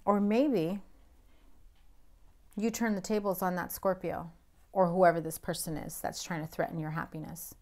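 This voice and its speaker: A woman's voice: on the low side, fairly even intonation, moderate pace, pauses often, a little mellow. A woman giving a casual tarot reading, talking bluntly and emphatically with frequent swearing. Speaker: tarot reader.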